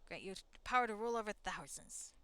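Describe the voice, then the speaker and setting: A woman's voice: medium pitch, animated, brisk, bright, forceful tone, clean tone, no echo. Woman reading a scheming trapped caliph. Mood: bargaining. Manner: wheedling, bribing. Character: scheming deposed male caliph bargaining for freedom.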